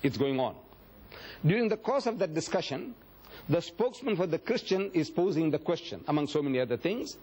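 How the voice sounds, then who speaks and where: A husky, slightly high-voiced man gives a public religious lecture. He tells his points as dramatic stories and acts out the quoted speech. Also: lively intonation, a little fast, darkish tone. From South Africa. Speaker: Islamic lecturer.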